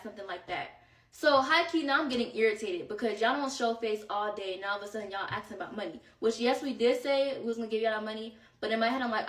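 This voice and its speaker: Animated young woman telling a storytime. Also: fairly high pitch, normal speed, recorded from a distance. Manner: animated, slangy, quoting texts in voices. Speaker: vlogger. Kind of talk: casual storytime chat. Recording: roomy, from off the mic.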